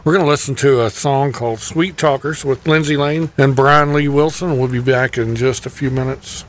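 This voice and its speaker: A man's voice: mid-range voice, fairly even intonation, normal speed, a little hiss or hum. A man hosting a radio program, chatting casually with a band and laughing along as he asks leading questions. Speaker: radio host. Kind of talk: casual interview chat.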